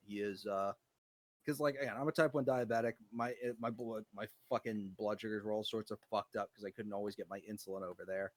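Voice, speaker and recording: A man's voice: fairly low pitch, quick pace, no echo. A man from the United States in casual chat, ranting and swearing as he tells stories. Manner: profane, ranting storyteller.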